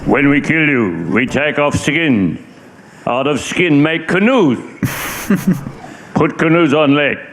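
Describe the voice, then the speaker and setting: A man's voice: fairly high pitch, expressive, a bit bright, full character voice, poor audio. A man doing a stern tribal chief. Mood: solemn. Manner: slow, broken, solemn speech.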